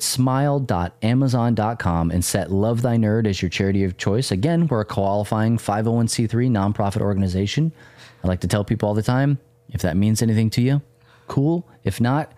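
A man's voice: lowish voice, mellow, no room sound. Jokey rambling male podcast host. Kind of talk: casual chat.

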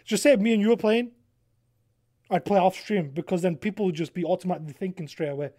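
A young man hosting a podcast, telling stories in a lively, animated way, acting out what people said and laughing often. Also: sits high, quick pace, dry recording, studio quality. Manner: animated storytelling, acting out quotes, laughs a lot. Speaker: podcast host and streamer. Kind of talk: casual chat.

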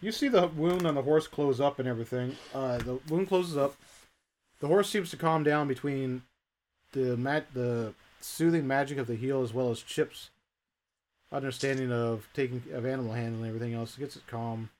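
A man's voice: mid-range voice, moderate pace, a little mellow, slight background noise. A man narrating a tabletop role-playing game as game master, rambling with fillers and restarts.

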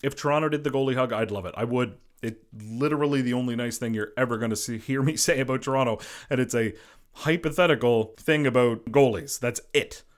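A man's voice: medium pitch, a little fast. A man hosting a casual solo sports podcast, a former goalie who rambles and fills his talk with "you know". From Boston area. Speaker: podcast host.

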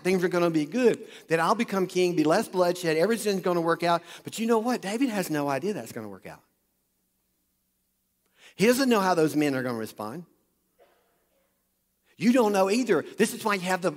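A man preaching a sermon, retelling a Bible story with animated energy and calling on the congregation to listen up. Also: sits high, fairly quick. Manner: animated, talks directly to the congregation. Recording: long hall reverb.

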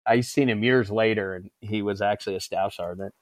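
A middle-aged man telling a story casually, animating the shouted quotes in his tale. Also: fairly low pitch, steady tone, a little fast, dry recording. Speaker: former Marine drill instructor telling a story.

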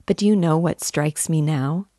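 A woman reading the lines of a timid, earnest young girl who speaks softly and hesitantly. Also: low voice, normal speed, no room sound, studio quality. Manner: soft, hesitant, heartfelt.

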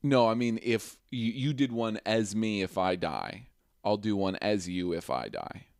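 A man co-hosting a comedy podcast, bantering playfully with deadpan asides. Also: fairly low pitch, measured pace, clean tone, no room sound, clean studio sound.

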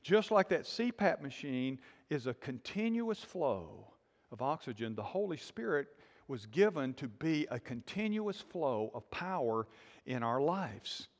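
A male pastor preaching a sermon, emphatic and questioning the congregation, dropping to quiet intensity. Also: mid-range voice, sing-song, a little slow, in a large hall.

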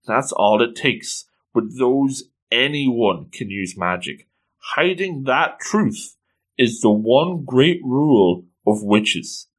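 A serious young male witch, as a man reading a comic puts him on, speaking in a grave, measured way. The tone stays bright and clear at an ordinary pitch. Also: sing-song.

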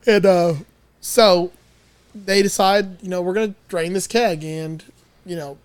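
A man's voice: high voice, fairly even intonation, a little slow, clean tone, no room sound. A man co-hosting a podcast, casually recapping a film with loose, profane humor. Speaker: podcast co-host.

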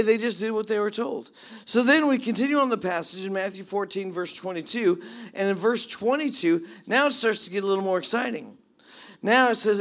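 A man preaching a sermon, animated as he retells the story, swinging from hushed asides to excited bursts. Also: high-pitched. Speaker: pastor.

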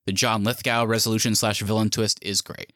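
A man hosting a casual movie discussion podcast, talking in a lively way with quick asides and jokes. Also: fairly low pitch, no room sound, clean studio sound. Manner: lively, animated, quick asides and joking put-on voices. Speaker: podcast host.

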